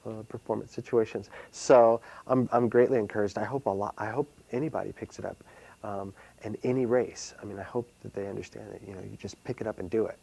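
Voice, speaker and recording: Gravelly man, halting and thoughtful. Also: fairly low pitch, steady tone, warm tone, poor audio. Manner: hesitant, many fillers and restarts. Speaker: solo performer and playwright. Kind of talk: casual interview answers.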